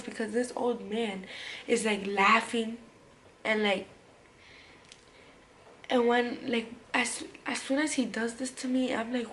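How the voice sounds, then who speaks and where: A young woman recounts a story for her vlog in loose, slangy speech, stumbling over fillers and restarts and now and then sinking to a whisper. Her voice sits a little high, with a faint hum of room noise behind it. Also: a bit bright, rough recording. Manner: casual, slangy, halting with many fillers and restarts. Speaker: vlogger.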